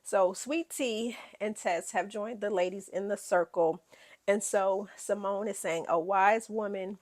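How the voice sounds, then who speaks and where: A woman's voice: mid-range voice, measured pace. Sassy woman dishing gossip. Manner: sassy, animated, laughs often. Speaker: reality TV recap host. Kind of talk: casual gossip recap.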